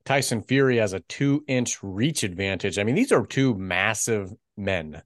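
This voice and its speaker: A man's voice: fairly low pitch, lively intonation, unhurried, no echo. Sarcastic male podcast co-host, dry sound. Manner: teasing, sarcastic banter. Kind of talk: casual chat.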